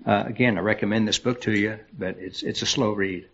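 A low-voiced man preaching a sermon, taking his time and often stumbling over words with fillers and restarts. The recording sounds slightly dull and muffled. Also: steady tone, a little hiss or hum. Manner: unhurried, halting with many fillers and restarts. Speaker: pastor.

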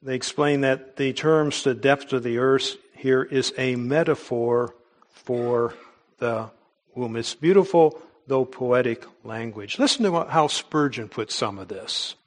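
A man's voice: medium pitch, unhurried. Earnest male preacher. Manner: earnest, emphatic preaching with small restarts. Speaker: pastor. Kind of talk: sermon.

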